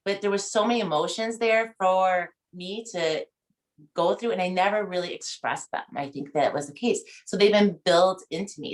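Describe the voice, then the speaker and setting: A woman in her forties, leading a book club discussion on a video call, telling a personal story in a rambling, emotional way with many restarts. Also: medium pitch.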